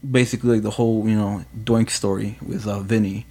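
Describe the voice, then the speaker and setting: A man's voice: lowish voice, level tone, a little fast, dark tone. A man talking casually about his workplace, rambling with lots of fillers. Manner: rambling, heavy on fillers and "you know". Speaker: employee. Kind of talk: casual chat.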